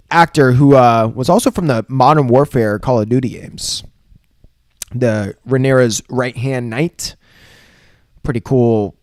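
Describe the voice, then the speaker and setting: A man's voice: medium pitch, dry recording. A man co-hosting a podcast, recapping a TV episode in loose, profane, rambling casual chat. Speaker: podcast co-host.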